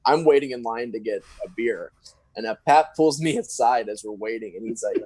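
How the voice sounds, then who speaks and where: A man's voice: mid-range voice, brisk, a little mellow, slightly rough, no room sound. A young man, a guest on a podcast, telling a story in a rambling, casual way. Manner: rambling, full of fillers and restarts.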